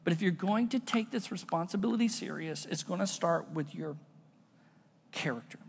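A man's voice: high voice, lively intonation, normal speed, creaky, husky. Man preaching in an echoing hall. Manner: casual, conversational preaching with storytelling. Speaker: pastor. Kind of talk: sermon. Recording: long reverb of a large hall.

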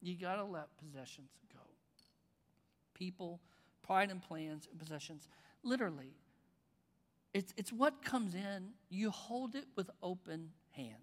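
A pastor preaching a conversational sermon, with bursts of loud emphasis. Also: male voice, high voice, animated, a little slow, pauses often. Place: church auditorium. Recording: long reverb in a large hall.

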